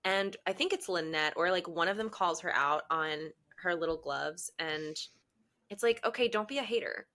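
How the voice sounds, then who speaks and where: Bright-voiced, teasing young woman co-host. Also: low voice, steady tone, normal speed. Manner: joking and teasing. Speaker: podcast co-host. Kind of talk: casual chat recapping a TV show.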